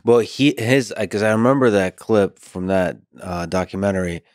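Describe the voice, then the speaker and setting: Low-voiced man hosting a podcast. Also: normal speed, no room sound, clean studio sound. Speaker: podcast host. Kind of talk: casual interview conversation.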